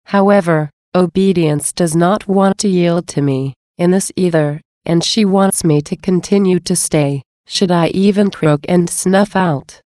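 A woman reading a devotional diary aloud in a slow, earnest, measured way. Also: on the low side, mellow, no echo.

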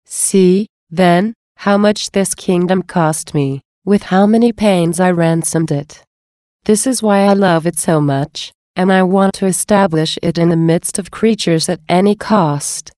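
A woman reading aloud the words of a gentle, tender Jesus speaking to a beloved soul, in a slow, solemn, devout manner. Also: on the low side, no room sound, clean studio sound, close to an everyday voice.

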